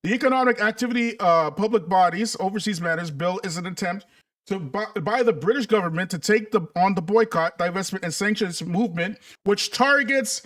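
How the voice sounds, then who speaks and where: A man with a high, light voice talking straight to his viewers in an easy, conversational flow. He leans hard into sarcasm, dragging out mock surprise and poking fun at what he reads aloud. His pace shifts between quick asides and slow, pointed jabs. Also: fairly bright tone, distant mic. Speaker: political commentator. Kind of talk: commentary stream to viewers.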